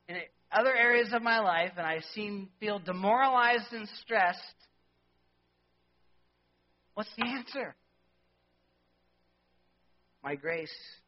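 High-voiced man preaching with emphatic questions. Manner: emphatic preaching, rhetorical questions, swings between loud and soft. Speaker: pastor. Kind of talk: sermon. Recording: dull lo-fi sermon recording.

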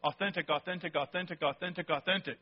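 A man's voice: fairly high pitch, fairly even intonation, fast talker, slight background noise. A man preaching a sermon in a conversational, emphatic way, often checking in with his listeners. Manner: conversational, emphatic, keeps asking "okay?". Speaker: pastor. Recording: dull lo-fi sound.

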